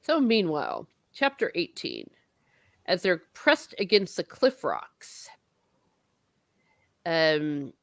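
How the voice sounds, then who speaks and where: Woman host, low-pitched and leisurely, casual plot recaps with the odd swear word. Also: wildly swooping pitch, takes it slowly, long pauses, dry recording. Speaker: book discussion host. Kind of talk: casual book discussion.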